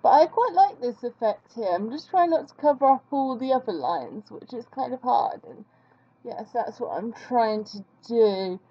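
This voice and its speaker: A woman's voice: fairly high pitch, animated, normal speed, slightly rough. A woman chatting casually as she draws on screen, self-deprecating and humming along while she works. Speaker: vlogger drawing on screen. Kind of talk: casual commentary while drawing. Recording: dull lo-fi recording.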